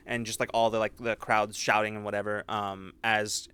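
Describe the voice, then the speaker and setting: A man's voice: on the low side, flat delivery, normal speed, hardly any pauses, sharp tone, clear, resonant tone. A man narrating as game master of a tabletop game, rambling with many fillers and restarts.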